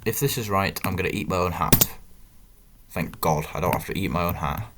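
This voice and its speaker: A man's voice: low-pitched, a little fast, background noise. A young man, chatting casually and putting himself down while thinking aloud over a game. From northern England. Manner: chatty, self-deprecating, thinks aloud with muttered asides. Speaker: gaming video host. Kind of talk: casual gameplay commentary.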